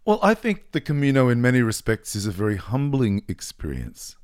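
A man hosting an interview, speaking in a reflective, measured way and circling back on his words while thinking. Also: medium pitch, very animated, dry recording, studio quality. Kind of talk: conversational interview.

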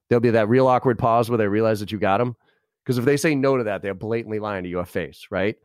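A man giving brash, animated sales advice in a podcast conversation, acting out both sides of sales calls. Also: lowish voice, fast talker, dry recording, clean studio sound. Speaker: sales trainer guest.

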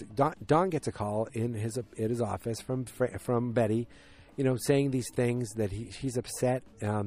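A man casually recaps a TV episode in a mellow, medium-pitched voice. He rambles with lots of fillers and restarts, speeding up during the tense parts.

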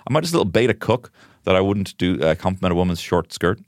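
A man's voice: sits low, very animated, quick pace, dry recording, clean studio sound. A man hosting a comic solo podcast, rambling and self-mocking, with frequent swearing. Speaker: podcast host.

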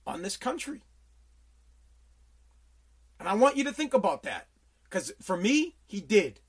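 This mid-range, slightly rough voice belongs to a podcast host in the middle of a heated political rant. Profane to the core, the host swears constantly, repeats the same phrases again and again for emphasis, and stumbles over restarts when worked up.

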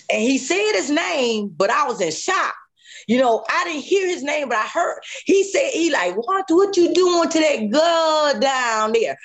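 A woman with a fairly high, breathy-edged voice, a guest in an interview, recounts a harrowing personal story with vivid emotion, repeating phrases and adding sound effects. Her voice climbs and drops sharply, and at times she's near tears.

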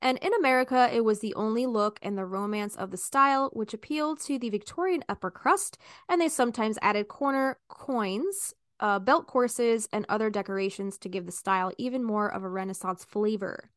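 A woman's voice: fairly high pitch, moderate pace, hardly any pauses, no room sound, studio quality. A woman co-hosting a casual podcast, reading notes aloud with chatty, giggly asides. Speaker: podcast co-host.

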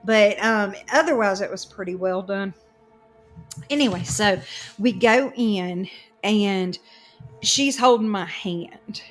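A woman with a Southern US accent telling a long, animated story in casual chat as a podcast co-host, full of fillers and frequent laughter. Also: mid-range voice.

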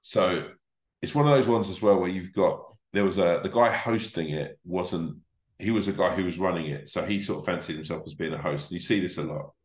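A man's voice: deep voice, fairly quick, echoey room. A man, a comedian guest, telling rambling, sweary stories in casual podcast chat. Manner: sweary, rambling anecdotes with restarts.

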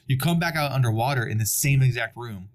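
A young adult man appears as a podcast guest, chatting casually in a brisk, mid-range voice. He tells a long story and acts out the people in it.

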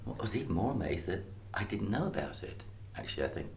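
A man's voice: sits low, very animated, fast talker, darkish tone, reverberant, a little hiss or hum. A man talking animatedly in an interview, remembering and putting on voices for the people in his anecdotes. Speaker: stage actor. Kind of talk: interview recollection.

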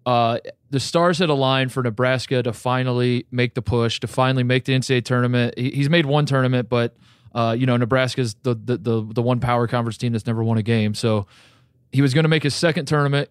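A man's voice: mid-range voice, clear, resonant tone, no room sound, studio quality. A man co-hosting a sports podcast, telling a story earnestly in casual chat. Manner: earnest, storytelling, some restarts. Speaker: podcast co-host.

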